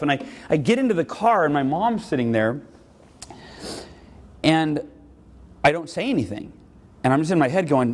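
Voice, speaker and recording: A man from California giving a keynote talk to a live audience, telling stories in an animated way and acting out every voice. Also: fairly high pitch, moderate pace, pauses often. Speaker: motivational speaker.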